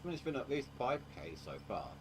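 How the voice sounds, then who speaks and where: A man's voice: medium pitch, very animated, fast, noisy background. A tired man casually chatting and thinking aloud while livestreaming a mining game. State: tired, yawning. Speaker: streamer. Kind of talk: casual gameplay commentary.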